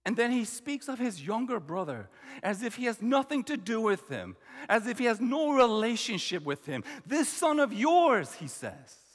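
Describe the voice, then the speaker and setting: A man's voice: high voice, big pitch swings, normal speed, long reverb tail. A man preaching a sermon, emphatic, acting out the quoted lines. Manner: emphatic, acts out the quoted brother. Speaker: pastor.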